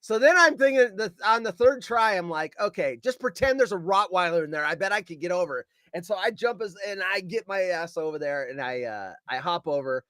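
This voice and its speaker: A man with a fairly high, swooping voice tells his story with lots of energy. He shouts his own quoted lines and swears as he acts them out. The sound is dry and close. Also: expressive, brisk, few pauses, dry recording. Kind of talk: animated storytelling.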